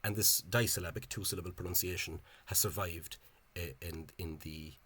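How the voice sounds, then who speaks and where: Deep husky man explaining spelling. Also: fairly even intonation, bright, forceful tone. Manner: halting, many fillers and repeated words; opinionated, dismissive of official spelling. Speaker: language enthusiast explaining spelling. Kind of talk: casual explanatory monologue.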